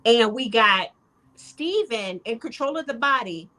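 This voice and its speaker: A woman talks through a show recap in loose, casual chat. Her voice is bright and forward. She retells scenes with energy and slips into the characters' lines as she goes. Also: on the high side, lively intonation, a little slow, low-quality recording. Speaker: podcast co-host.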